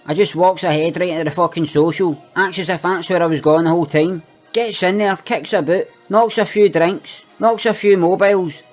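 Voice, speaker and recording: A boastful young Glaswegian thief, played by a man, brags in a high, swaggering voice thick with swearing and street slang. Soft music runs faintly underneath. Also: fairly even intonation, moderate pace, close to an everyday voice. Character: cocky young Glasgow petty thief, boastful and foul-mouthed. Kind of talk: comic monologue.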